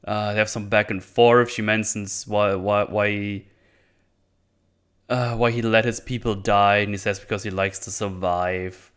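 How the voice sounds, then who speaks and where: A man's voice: lowish voice, level tone, unhurried, fairly bright tone, clear, resonant tone. Male reviewer, casual profane rant, sarcastic mockery. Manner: profane, sarcastic, mocks characters in silly voices. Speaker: video reviewer.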